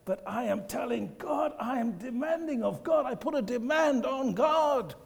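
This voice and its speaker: A man's voice: very high voice, lively intonation, unhurried, creaky, slightly rough. A man preaching a sermon to his congregation, emphatic and repeating his key phrases. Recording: long hall reverb.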